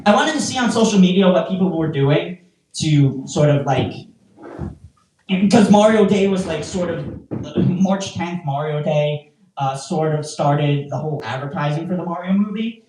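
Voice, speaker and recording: A stand-up comedian doing a rambling, self-mocking set with crowd work, full of stammered restarts and sudden loud mocking outbursts. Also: medium pitch, lively intonation, moderate pace, a little hiss or hum. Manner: bursts into loud mocking shouts. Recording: roomy, voice picked up from a distance.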